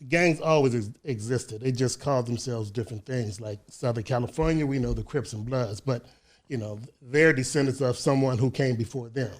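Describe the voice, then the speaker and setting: 60s guy w a chicago accent, mid-pitched voice, slow storytelling, keeps repeating words as he goes. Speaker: guest. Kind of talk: casual interview. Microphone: studio microphone.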